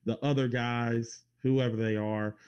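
A man's voice: mid-range voice, little pitch movement, a little slow, darkish tone, clear, resonant tone, highs cut off. A man co-hosting a podcast, rambling through show plugs in loose casual chat, laughing and swearing now and then. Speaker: podcast co-host doing plugs.

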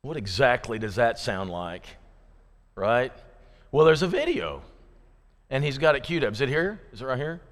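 Man, preacher, casual joking sermon, medium-pitched voice, church hall with long echo. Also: big pitch swings, moderate pace, pauses often. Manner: folksy, joking, conversational. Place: church sanctuary.

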